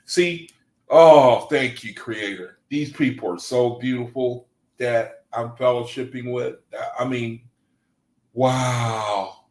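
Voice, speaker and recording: Guy reading out loud to his study group, gushing and exclaiming, takes his time, mid-range voice. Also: mid-range voice, slow, reverberant, rough recording. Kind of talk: reading aloud and commenting in a group call.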